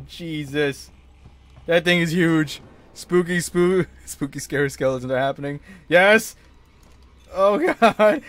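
High, jumpy male horror game streamer. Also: moderate pace, a bit bright. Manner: jumpy, yelps and nervous laughter. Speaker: gaming streamer. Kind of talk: horror let's play commentary.

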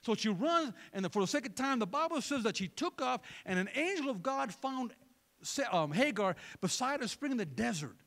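Male pastor, sermon, animated pitch swings, loose and joking with the congregation. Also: normal speed. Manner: conversational, joking, asks the crowd for replies.

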